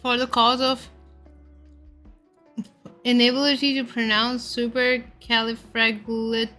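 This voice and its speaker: A woman's voice: fairly high pitch, flat delivery, a little slow, sharp tone, soft background music. A young woman streaming, chatting casually and playfully with her chat and stumbling over tongue-twisters.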